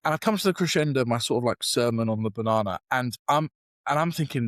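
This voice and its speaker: Young British man, podcast guest, animated anecdote, mid pitch, dry close mic. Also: fast, no echo. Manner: animated, self-deprecating storyteller with many fillers. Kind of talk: storytelling in a podcast interview.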